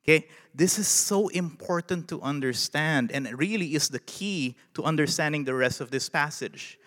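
A man from the Philippines with a Filipino English accent, preaching a sermon as a pastor in an animated way and putting questions to his listeners. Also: fairly high pitch, normal speed, long reverb tail.

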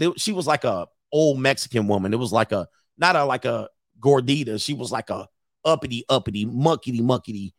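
A man's voice: mid-range voice, lively intonation, fairly quick, a bit bright, no echo, studio quality. A man hosting a casual livestream as a coach, joking crudely, laughing often and acting out other people as he tells stories. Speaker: host and dating coach.

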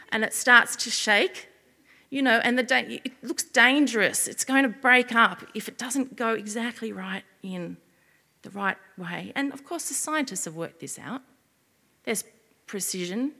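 A woman giving an expressive children's sermon as a preacher, often asking her listeners questions. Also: mid-range voice, vocal fry, in a large hall.

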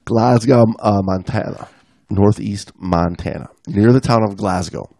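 A man's voice: fairly low pitch, a little slow, creaky, darkish tone, no echo, clean studio sound. A man in his forties co-hosting a podcast, reading an article aloud and dropping in wry casual asides. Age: 40s. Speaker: podcast co-host.

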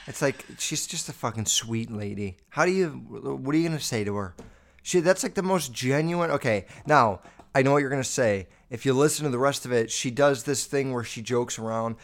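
A man hosting a podcast, ranting casually and swearing constantly in a loose, animated way. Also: mid-range voice, moderate pace. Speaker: podcast host.

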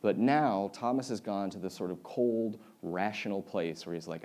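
Mellow low-voiced man preaching casually. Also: normal speed, hardly any pauses. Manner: conversational storytelling preaching with wry humor. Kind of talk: sermon.

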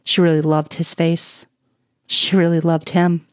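Woman narrator, low-ish voice, soft and intimate read, dry close sound. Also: little pitch movement, unhurried, dry recording. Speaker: audiobook reader. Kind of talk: reading romance fan fiction aloud.

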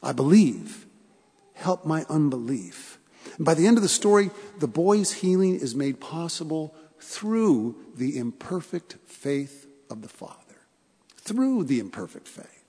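Husky-voiced pastor preaching in a church. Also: male voice, a little high, expressive, a little slow, warm tone, in a large hall. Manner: earnest, repeats phrases for emphasis, asks the congregation questions. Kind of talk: sermon.

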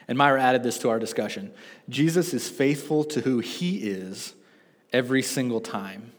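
A man in his thirties preaching a sermon, telling stories with lively self-deprecating asides. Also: medium pitch, slightly rough. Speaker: pastor. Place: church sanctuary. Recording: long reverb of a church hall.

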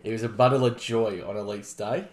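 A man's voice: fairly low pitch, fairly even intonation, brisk. Australian male podcast co-host, teasing banter, roomy sound. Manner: teasing, mock-serious. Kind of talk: casual banter.

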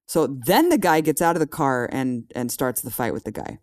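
A man on a podcast in casual political chat, telling a story with animated, exasperated emphasis. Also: medium pitch, normal speed.

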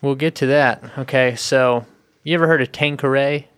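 A man in his thirties, a podcast co-host, telling a story in a rambling, animated way that is full of swearing. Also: medium pitch, moderate pace, clear, resonant tone, no echo. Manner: rambling, animated, profane, heavy "I was like". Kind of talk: casual storytelling chat.

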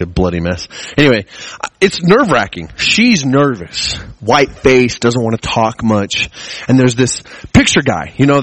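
A man giving a sermon as guest preacher, opening with a casual personal story. He rambles, restarts and chuckles often, and swings between excited and hushed. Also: medium pitch, breathy edge, no room sound, low-quality recording.

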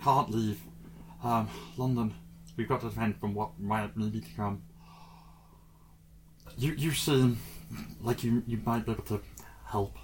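Elderly gnome voiced by a male game master: halting, worried, hushed delivery for a tabletop game. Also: on the low side, fairly even intonation, slight background noise, close to an everyday voice, poor audio. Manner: hesitant, halting, drops to a murmur.

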